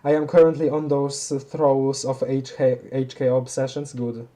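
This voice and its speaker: A young adult streamer who reads a webcomic aloud live, with casual commentary, frequent laughter and quick self-corrections. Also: mid-range voice, level tone, warm tone. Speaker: livestream host reading a webcomic aloud.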